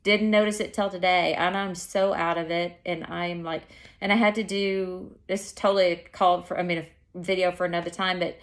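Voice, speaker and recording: A woman's voice: lowish voice, fairly even intonation, moderate pace. Rambling woman vlogging. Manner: rambling, self-correcting storyteller. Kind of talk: casual chat to camera.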